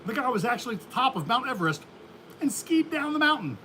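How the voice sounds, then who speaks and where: A man with a high voice chats casually on a livestream. He rambles in a folksy way and laughs often. A faint hum sits behind him. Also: big pitch swings, fast, pushed and bright. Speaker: beekeeping channel host.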